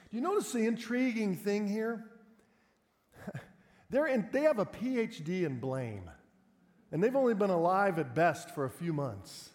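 A man's voice: sits high, sing-song, measured pace, pauses often, a little mellow. A male pastor preaching a sermon in a conversational way, asking his listeners rhetorical questions. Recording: long hall reverb.

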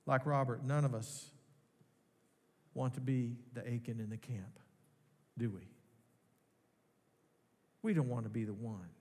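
A man preaching a sermon as pastor, earnest and building to emphatic peaks with slow pauses. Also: medium pitch, steady tone, a little mellow. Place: large church hall. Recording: long reverb of a hall.

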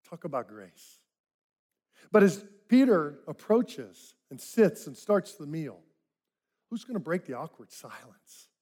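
Male pastor, storytelling sermon delivery, slightly raised pitch, sinks soft and low for reflection. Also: sing-song, slow pace. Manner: dramatic storytelling, acting out quoted voices; drops to soft, low tones for reflective points.

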